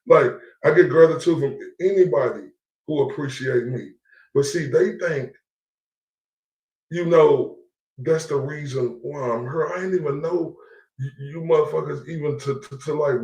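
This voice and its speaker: A man's voice: fairly high pitch, gravelly, darkish tone, distant mic. A man streaming live, ranting defiantly with profanity and repetition. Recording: echoey room, away from the mic.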